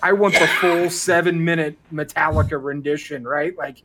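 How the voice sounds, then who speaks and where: A man's voice: fairly high pitch, steady tone, normal speed, fairly bright tone. An American man on a podcast telling a story in casual chat, acting out the people he quotes and swearing freely. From United States. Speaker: podcast co-host.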